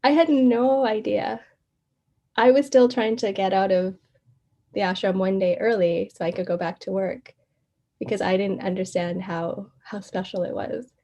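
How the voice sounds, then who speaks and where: A woman guest in an interview, telling her story in a casual, animated way, laughing often and acting out the quoted exchanges. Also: mid-range voice, moderate pace.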